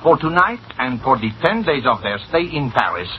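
An actor playing a scheming, excitable cafe manager who bursts into insults, in 1940s radio acting on a dull, lo-fi old radio recording. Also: male voice, mid-range voice, moderate pace, a little hiss or hum, natural voice. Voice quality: theatrical, blustering, bursts into insults.

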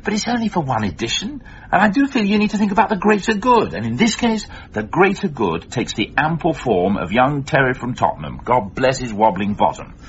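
A man plays a pompous, scheming newspaper editor who talks his way around everything. His voice rises and falls with animated swings. The radio recording sounds dull and lo-fi. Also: medium pitch, a little fast, a little hiss or hum, lightly acted. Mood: wheedling. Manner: pompous, smooth-talking. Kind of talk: radio sitcom acting.

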